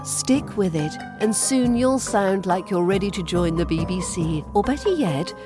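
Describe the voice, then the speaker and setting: A woman's voice: medium pitch, lively intonation, unhurried, over music. A woman with a British RP accent giving a scripted, upbeat accent lesson for a podcast. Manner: upbeat, playful teaching tone.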